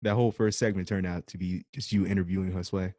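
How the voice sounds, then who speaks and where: Brief: low-voiced male host, deadpan and crude, dry close sound. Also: quick pace, no echo. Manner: joking, profane, deadpan. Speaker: podcast host. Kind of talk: casual podcast chat.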